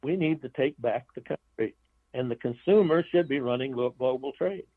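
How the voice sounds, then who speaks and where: A man talking down a tinny, narrow phone line, dry and close with no room sound. He speaks bluntly and keeps stopping to restart his phrases, at a middling pitch. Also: normal speed, dry recording. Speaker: author and guest. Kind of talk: interview over the phone.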